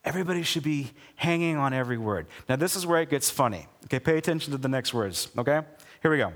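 Animated, casual male pastor. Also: medium pitch, quick pace, long reverb tail. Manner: casual, animated, full of fillers. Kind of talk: casual sermon storytelling.

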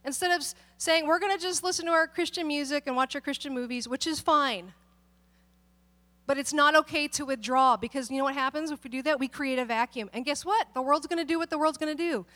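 A woman's voice: sits high, fairly quick. A woman pastor giving a conversational sermon, telling stories and acting out the people in them. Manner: animated storytelling, acts out quoted people.

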